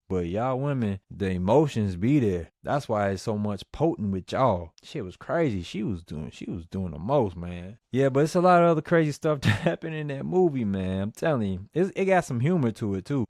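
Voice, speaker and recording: A man giving a casual movie review, telling the story in a lively, slangy, profane way. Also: fairly low pitch, dry recording, clean studio sound.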